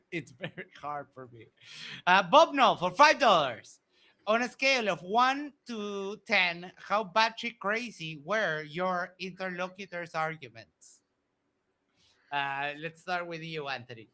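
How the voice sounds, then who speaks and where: A man's voice: high voice, animated, takes it slowly, pushed and bright. A man moderating a live-streamed debate and reading out viewer donations, upbeat and apologetic, laughing easily.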